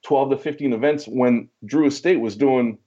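Guy telling a story in a chat, stumbles and repeats words, warm voice, kinda muffled sound. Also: mid-range voice, normal speed, breathy edge. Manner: animated storyteller, many restarts and repeated words, acts out quoted dialogue. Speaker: guest telling his career story. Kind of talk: casual storytelling interview.

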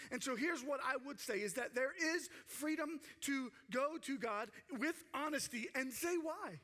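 A man preaching a sermon with passion, acting out quoted cries and dropping to hushed tones for emphasis. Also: extremely high pitch, lively intonation, moderate pace, hardly any pauses. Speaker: pastor.

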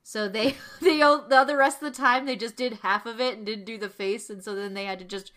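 A woman co-hosting a podcast, telling stories in an expressive, giggly way during a casual movie review. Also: on the high side, brisk. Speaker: podcast co-host.

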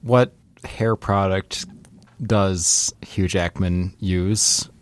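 A man co-hosting a casual movie chat, dropping deadpan jokes and asides. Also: low voice, drawn-out words. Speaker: podcast co-host.

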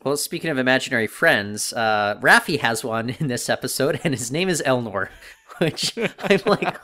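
A man co-hosting a casual podcast, griping in a wry, animated way with many fillers. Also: mid-range voice, normal speed. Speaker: podcast co-host. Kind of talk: casual discussion of a TV episode.

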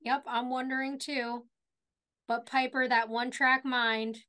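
A woman's voice: high-pitched, little pitch movement, a little slow, sharp tone. A woman co-hosting a podcast, casually retelling TV scenes step by step. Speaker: podcast co-host. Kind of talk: casual recap chat.

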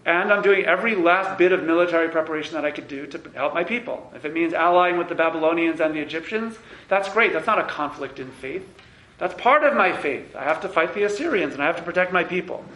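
A male teacher playing an ancient king defending himself, earnest and matter-of-fact, in a fairly high voice. The room around him is echoey, like a classroom lesson acted out on the spot. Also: quick pace, bright, forceful tone. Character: ancient king defending his faith, firm and reasonable.

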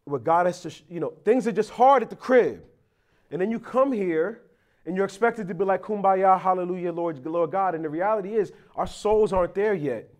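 A man's voice: sits high, expressive, fairly quick. A man, a pastor praying and then preaching in a conversational, confessional, storytelling way. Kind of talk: sermon with prayer.

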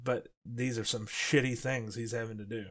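A man co-hosting a casual podcast discussion, talking animatedly and slipping into quick character quotes as he explains scenes. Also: medium pitch, flat delivery. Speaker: podcast co-host.

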